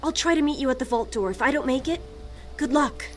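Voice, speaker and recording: An actress voicing a sincere, dutiful young woman in a video game, concerned and gently firm. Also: sits high, brisk, faint music behind, natural voice. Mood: earnest.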